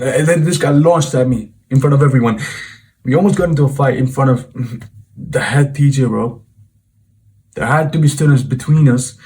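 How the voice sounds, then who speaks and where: A man's voice: medium pitch, darkish tone. A young man, a self-improvement vlogger telling a personal story in an informal, earnest way and often calling the listener "bro". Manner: informal, peppers talk with "bro", reflective and earnest. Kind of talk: casual storytelling monologue to camera.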